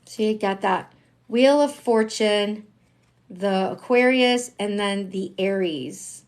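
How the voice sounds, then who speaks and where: Taking it slowly in a mid-range voice, a tarot reader chats through a live-streamed reading. She's emphatic and slangy, moving back and forth between hushed asides and excited outbursts.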